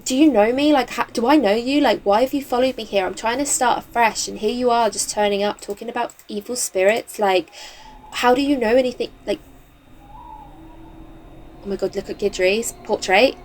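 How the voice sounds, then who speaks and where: A woman's voice: a little high, a little hiss or hum, close to an everyday voice, poor audio. A woman voicing an exasperated young game heroine. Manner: rapid, exasperated questioning. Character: anxious defensive young woman game character.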